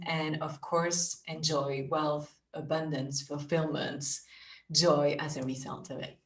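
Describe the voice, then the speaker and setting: A woman from Belgium talks as a podcast guest, her French accent clear in each word. Her voice sits low and soothing. The room gives back a roomy echo. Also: level tone, slow pace. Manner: soft, soothing, laughs often. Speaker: guest, spiritual business mentor. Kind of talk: podcast interview.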